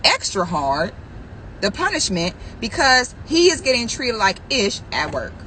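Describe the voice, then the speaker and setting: A woman's voice: a little high, very animated, measured pace, sharp tone, a little hiss or hum, poor audio. A woman vlogger telling a story and ranting straight to her viewers, acting out what people said and laughing often. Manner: acts out quoted voices, laughs often, addresses viewers directly. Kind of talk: animated storytelling rant.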